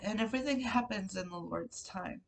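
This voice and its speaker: A woman's voice: medium pitch, moderate pace, far from the mic. A woman crying as she hosts her personal faith vlog, emotional and at times dropping to a whisper. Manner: tearful, emotional, with soft whispered moments. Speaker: vlogger. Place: bedroom at home.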